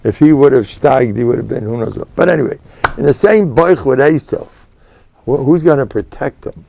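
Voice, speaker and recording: A man's voice: mid-range voice, expressive, normal speed, creaky, mellow. An older American man, a rabbi giving a Torah lecture, telling stories in a digressive way and scattering Yiddish and Hebrew terms through his talk. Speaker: rabbi and spiritual mentor.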